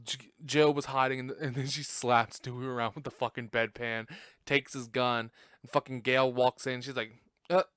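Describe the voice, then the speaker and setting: A young man hosts a casual podcast and retells a movie's plot in a loose, profane, laughing way. His voice is smooth and clear, and it sounds close and dry, with no room echo. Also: medium pitch, level tone, moderate pace, a bit bright. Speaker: podcast host.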